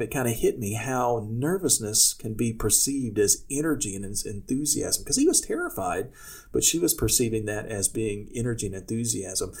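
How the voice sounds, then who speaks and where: A man's voice: lowish voice, a little mellow, husky. A man who coaches public speaking, talking casually on a podcast and telling personal stories, with loose phrasing and many restarts, acting out quoted speech.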